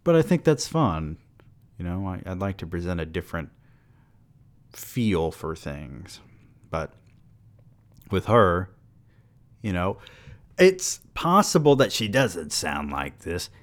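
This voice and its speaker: A man's voice: low-pitched, sing-song, takes it slowly, long pauses. A man reading a story aloud and breaking off into irreverent, rambling asides. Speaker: story reader.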